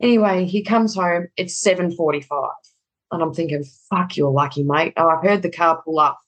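A woman's voice: on the low side, steady tone, brisk, a bit bright, poor audio. A middle-aged woman telling a personal story in conversation, candid and casually swearing, acting out the dialogue.

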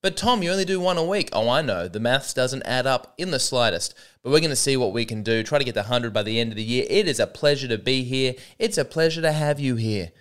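A man's voice: medium pitch, brisk, hardly any pauses. A young man hosting a comedy podcast alone, rambling and sarcastic, often mocking himself. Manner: sarcastic, rambling, self-deprecating. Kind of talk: solo comedic monologue.

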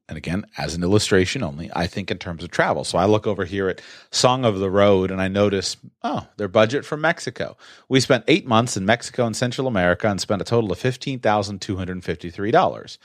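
A man with a fairly low voice talks through everyday money ideas in a relaxed, explanatory way. Now and then he plays his own mock-shocked thoughts, pushing his pitch up. The recording is close and dry, with no room sound. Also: dry recording. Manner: conversational, acts out mock-shocked self-talk with rising pitch. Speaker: personal finance presenter. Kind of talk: explanatory solo talk.

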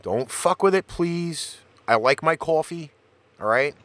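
Man, Brooklyn accent, radio host, blunt and profane, bright forceful voice, dry sound. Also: a little high, expressive, measured pace, no echo. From Brooklyn, New York. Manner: blunt, swears freely. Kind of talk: casual radio banter.

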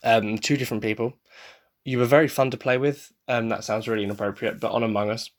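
A man's voice: medium pitch, steady tone, fast talker. Rambling, swearing young man. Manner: rambling, frank, swears freely, laughs often. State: tired. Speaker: podcast host. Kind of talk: casual solo chat.

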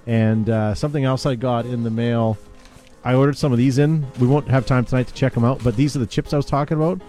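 A man's voice: mid-range voice, steady tone, fast, mellow, faint music behind. A man hosting a casual live podcast, joking and handing out gifts to his co-hosts. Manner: upbeat, jokey, handing out gifts on air. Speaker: podcast host. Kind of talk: casual show banter.

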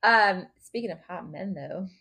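A woman's voice: mid-range voice, a little slow, vocal fry, sharp tone, breathy edge. A woman co-hosting a casual podcast, telling gossipy stories about reality shows and swearing freely. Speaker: podcast co-host. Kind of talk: casual chat.

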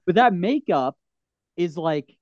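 A man's voice: high voice, animated, slow, no room sound, lo-fi sound. A man casually and enthusiastically retelling film scenes, rambling with restarts.

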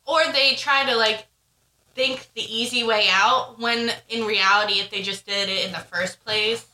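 A woman's voice: a little high, fairly even intonation, moderate pace, bright, forceful tone. A woman co-hosting a podcast who chimes in with short remarks and laughs along. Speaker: podcast co-host. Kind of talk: casual chat. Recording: roomy echo.

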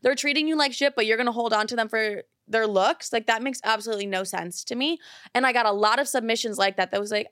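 A woman's voice: on the high side, quick pace, fairly bright tone, no echo, studio quality. A young woman hosting an advice podcast, blunt and profane, rambling with lots of fillers. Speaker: podcast host.

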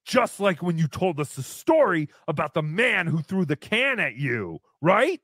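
A man's voice: fairly high pitch, very animated, unhurried, fairly bright tone, dry recording, clean studio sound. A male podcast host giving sarcastic, taunting comedy commentary. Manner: sarcastic, taunting, jumps into sing-song mockery.

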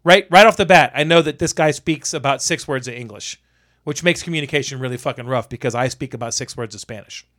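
A man, an electrician, casually telling a work story on a podcast, animated and exasperated, swearing freely. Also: mid-range voice, fast.

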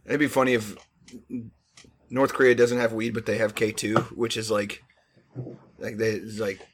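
A man's voice: on the low side, flat delivery, moderate pace, a little hiss or hum. A young man co-hosting a podcast in casual chat, rambling and hesitant with lots of fillers and restarts. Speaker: podcast co-host.

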